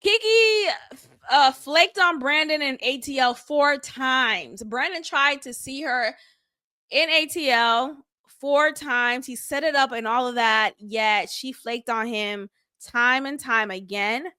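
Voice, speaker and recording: A woman's voice: high voice, slow pace, bright, forceful tone, dry recording, studio quality. A woman hosting a casual reality show recap, candid, opinionated and chatty. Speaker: show review host.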